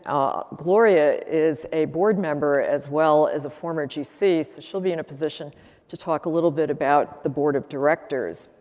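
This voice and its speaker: A woman moderating a conference panel, introducing speakers in a measured way with frequent fillers. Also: deep voice, darkish tone. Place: conference room with audience. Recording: long reverb of a conference hall.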